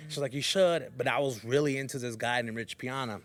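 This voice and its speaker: Animated man telling a story, bro talk. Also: medium pitch, quick pace, crowd noise. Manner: animated, acts out quotes, says bro a lot. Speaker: podcast host. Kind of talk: storytelling in casual chat.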